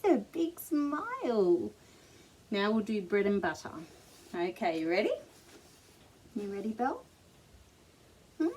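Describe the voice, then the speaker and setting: Slow sing-song Australian librarian. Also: female voice, mid-range voice, big pitch swings, slight background noise, rough recording. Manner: sing-song, gentle and encouraging. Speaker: children's librarian. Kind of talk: toddler storytime reading and songs.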